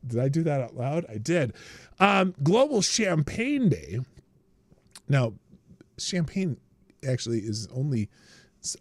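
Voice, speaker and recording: An American man with a higher-pitched voice hosts a solo live stream, heard in a dry recording. He reads out news, makes sarcastic remarks and laughs at his own jokes in casual commentary.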